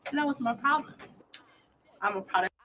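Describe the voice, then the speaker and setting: A woman's voice: a little high, brisk, pushed and bright. A woman in her twenties telling her story as a mother, blunt and profane, often dropping to a near-whisper. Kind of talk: candid personal storytelling. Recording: noisy clip played in a reaction video.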